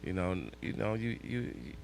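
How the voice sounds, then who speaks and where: A man's voice: deep voice, very animated, normal speed, creaky, a little mellow, a little hiss or hum. A male talk show co-host chatting casually and rambling with lots of fillers.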